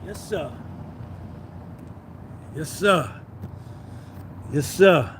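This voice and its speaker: A man's voice: fairly high pitch, expressive, very slow, noisy background. A man with a New Jersey accent, hosting a casual livestream and rambling with viewers in profane banter. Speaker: livestream host.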